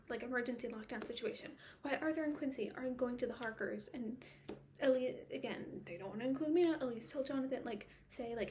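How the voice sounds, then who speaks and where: A woman's voice: fairly high pitch, a little fast, a little mellow, slight background noise. A woman recapping a classic horror novel in a casual vlog, ranting in exasperation with a string of rhetorical questions. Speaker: book vlogger.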